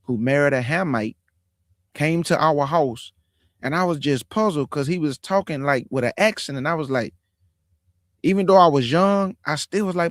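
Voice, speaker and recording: A man in his forties, hosting his own show, telling a personal testimony in a casual, animated, folksy way. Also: a little high, no echo, clean studio sound. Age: 40s. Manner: animated, folksy, drawn-out emphasis. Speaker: show host.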